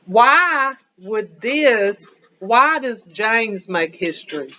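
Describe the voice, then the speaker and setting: A woman history teacher giving an animated classroom lecture, firing rhetorical questions at her students, in a dull lo-fi classroom recording. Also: a little high, drawn-out words.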